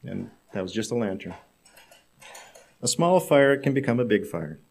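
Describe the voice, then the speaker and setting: A male preacher delivering a sermon, telling a story in measured, emphatic phrases. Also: mid-range voice, very animated, vocal fry.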